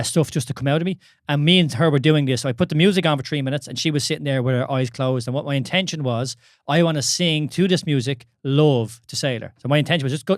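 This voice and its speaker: A man's voice: on the high side, no room sound, studio quality. A man in his thirties with an Irish accent, co-hosting a casual podcast, candid and swearing often with many restarts. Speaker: podcast co-host.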